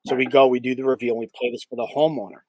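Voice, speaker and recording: A man at an ordinary middle pitch tells a paranormal case in a loose, conversational interview. He fills pauses with "um" and acts out what people said. The recording is close and dry. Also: dry recording, low-quality recording. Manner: animated storyteller, many fillers and acted-out quotes. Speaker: paranormal investigator, interview guest. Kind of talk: casual storytelling in an interview.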